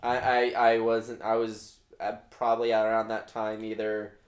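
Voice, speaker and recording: A man's voice: fairly low pitch, completely flat delivery, unhurried. A young man chatting casually on a podcast, blunt with crude asides. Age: young adult. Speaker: podcast co-host. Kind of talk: casual chat. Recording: roomy echo.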